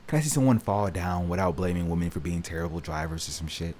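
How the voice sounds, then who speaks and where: A man hosting a let's play, giving casual gameplay commentary that swings between loud profane outbursts and low mumbling. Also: fast talker, a little hiss or hum.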